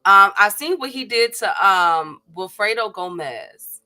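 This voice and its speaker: A woman co-hosting a casual boxing talk stream, musing slowly with frequent pauses and fillers. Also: medium pitch, animated, bright, forceful tone. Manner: slow and musing, many hesitations. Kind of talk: casual live stream banter.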